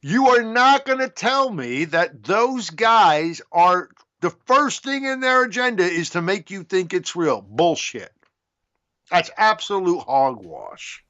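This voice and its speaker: A man's voice: high voice, big pitch swings, takes it slowly, pushed and bright. A man co-hosting a wrestling podcast, talking bluntly and scoffing. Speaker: podcast co-host. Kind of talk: casual podcast rant. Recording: dull lo-fi sound.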